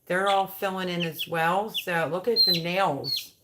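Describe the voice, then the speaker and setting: A woman with a low voice talks at an unhurried pace, hosting a casual live-stream chat. Noise and chirping birds are clearly audible behind her. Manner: coos softly to her chicks. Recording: background noise with bird chirps.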